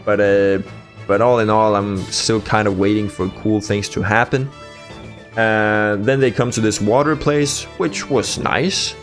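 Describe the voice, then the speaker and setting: Give me a young man with a somewhat low voice, casually reviewing films in a blunt, cursing, sarcastic way. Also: fairly even intonation, unhurried, soft background music. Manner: blunt and profane, with sarcastic asides. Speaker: movie reviewer. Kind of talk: casual spoken movie review.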